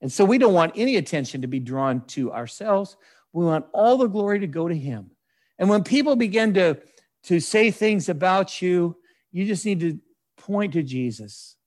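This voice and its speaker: A man's voice: high-pitched, animated, darkish tone. A man preaching a sermon in a conversational, folksy way, with frequent asides and scripture read aloud. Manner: reads scripture aloud in measured voice. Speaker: pastor.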